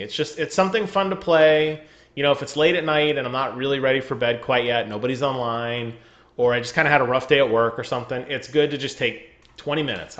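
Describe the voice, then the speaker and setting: A man's voice: mid-range voice, a bit bright, muffled recording. A man chatting casually on a gaming podcast over a remote call, joking and laughing often. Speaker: podcast co-host.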